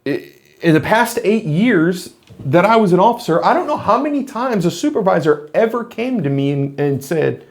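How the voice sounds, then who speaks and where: A man's voice: sits high, very animated, moderate pace. A middle-aged man, a former police officer, talking earnestly in a reflective monologue to camera, explaining his points with frequent restarts.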